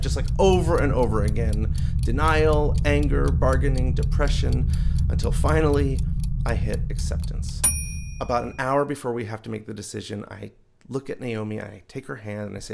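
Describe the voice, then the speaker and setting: Gravelly New man telling a story. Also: normal speed, background noise. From New York. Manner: animated, jumping to high comic voices for his own inner thoughts. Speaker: host and storyteller. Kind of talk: personal storytelling monologue. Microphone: video call.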